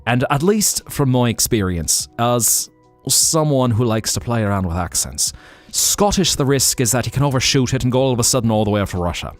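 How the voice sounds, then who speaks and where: A man's voice: medium pitch, lively intonation, fairly quick, faint music behind. A man hosting a casual late-night livestream, chatting playfully and dipping into accents as he talks. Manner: playful, slips into accent bits while musing. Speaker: livestream host.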